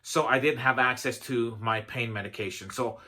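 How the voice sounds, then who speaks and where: A man speaking as a motivational speaker, telling a personal story in a loose, conversational way. His voice is bright and forward, set in a middle pitch, with plenty of "um" and "you know" and a self-deprecating humor. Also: steady tone, normal speed. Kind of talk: storytelling talk.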